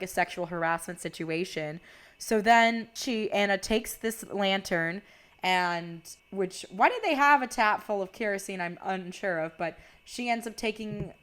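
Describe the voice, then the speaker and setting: A woman's voice: medium pitch, fairly bright tone. A young woman casually retelling a horror movie's plot, chatty and full of "like". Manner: chatty, heavy use of "like". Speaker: video creator.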